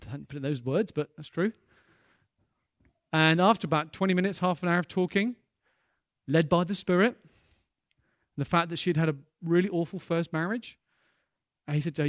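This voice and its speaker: A man preaching a sermon, telling stories in a lively way that jumps into loud, excited bursts. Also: fairly high pitch, normal speed, pauses often, no room sound, clean studio sound.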